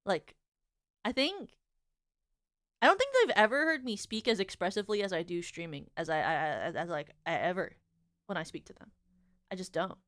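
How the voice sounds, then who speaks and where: Rambling young woman streamer, smooth voice. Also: medium pitch, normal speed, long pauses, no room sound, studio quality. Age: young adult. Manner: rambling, lots of filler words and restarts; animated, giggly storytelling. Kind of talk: casual chat.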